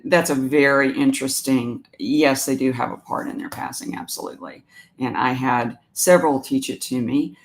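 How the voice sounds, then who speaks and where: Gentle, halting woman on a live stream. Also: very deep voice, fairly even intonation. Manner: warm, emotional, halting with many restarts. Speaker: animal communicator hosting a live stream. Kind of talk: gentle live-stream talk answering viewer comments.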